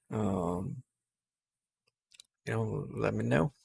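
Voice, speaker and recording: A tired man casually commentating on a game for his stream. His voice is deeply gravelly and full of fry, with a husky, rough edge. He rambles loosely and unscripted to his viewers. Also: steady tone, normal speed, no echo, studio quality. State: tired and yawning.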